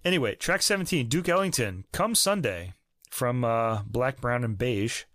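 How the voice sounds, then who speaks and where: A man's voice: mid-range voice, lively intonation, moderate pace, fairly bright tone, dry recording. A man co-hosting a music podcast, chatting in a jokey, opinionated way with lots of fillers. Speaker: podcast co-host. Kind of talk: casual music review chat. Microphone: podcast microphone.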